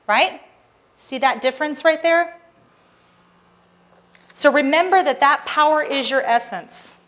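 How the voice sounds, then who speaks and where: A woman with a high, bright-pitched voice delivers a Sunday sermon to her congregation. She speaks earnestly and encouragingly, often slipping in playful asides. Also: measured pace. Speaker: spiritual practitioner giving the Sunday talk. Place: church service hall.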